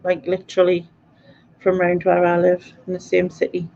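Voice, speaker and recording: Her voice sits fairly low, monotone and mellow, with vocal fry at a moderate pace, and the highs are cut off. This North East English woman with a Mackem accent hosts a live quiz stream, casually chatting through viewer comments and laughing often.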